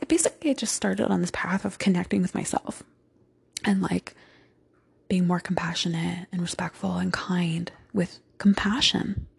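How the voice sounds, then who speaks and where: A woman hosting a gentle self-help talk, rambling with many fillers and slipping into whispered asides. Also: on the low side, vocal fry, husky. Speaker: host.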